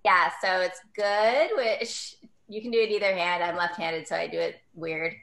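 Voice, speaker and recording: A woman on a video call calmly explaining a greeting step by step to the group. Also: fairly low pitch, moderate pace, gravelly. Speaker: congregant.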